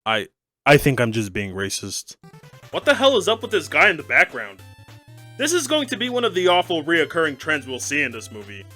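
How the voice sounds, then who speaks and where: A man's voice: on the high side, very animated, normal speed, pushed and bright, faint music behind. A young man giving a sarcastic comedic film review, with exaggerated outbursts.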